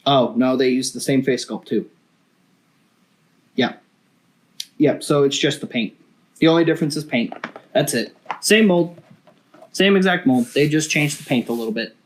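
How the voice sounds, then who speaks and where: A man hosting a casual toy review video, chatty and enthusiastic. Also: a little high.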